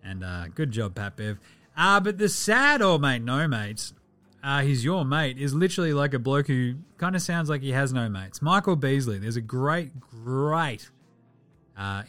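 An Australian man hosting a casual sports podcast, joking, swearing and jumping into bursts of excitement. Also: medium pitch. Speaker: podcast host.

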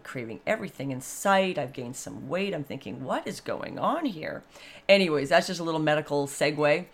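A woman in her fifties talking in a blunt, chatty, animated monologue. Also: sits low. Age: 50s. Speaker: vlogger. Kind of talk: casual monologue.

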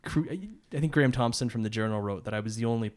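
A man's voice: mid-range voice, very fast. A man, a podcast co-host, telling a long story in a rambling casual way, full of restarts and short laughs.

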